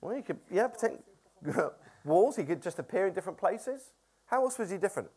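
A man's voice: sits high, animated, fairly quick, darkish tone, husky. A man preaching a conversational sermon who asks the congregation questions. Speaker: pastor.

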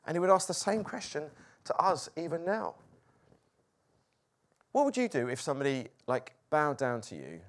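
A male preacher whose pitch rises and falls widely as he talks. He jumps from loud, excited exclaims to soft, hushed lines, giving the sermon a lively push and pull. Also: normal speed, long pauses.

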